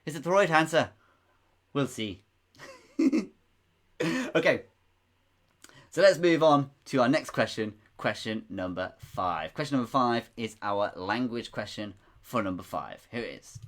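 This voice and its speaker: A man hosting a live online pub quiz, chatty and rambling, repeating himself and chuckling often. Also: medium pitch. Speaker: quiz host.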